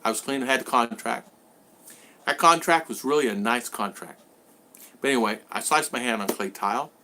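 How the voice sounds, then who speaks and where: A man talks loosely to his viewers during a home live stream, circling back and repeating phrases as he goes. He breaks off now and then to greet people by name. His voice sits at an ordinary middle pitch. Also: moderate pace, bright, forceful tone. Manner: rambling, repetitive, greets chat viewers by name. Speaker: vlogger hosting a live stream. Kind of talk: casual live stream chat. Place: at home in the Philippines.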